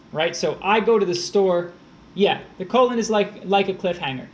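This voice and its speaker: Over a faint hiss, a male test prep tutor with a high voice live-streams a grammar lesson. He works through punctuation rules one at a time and stops now and then to respond to questions from chat.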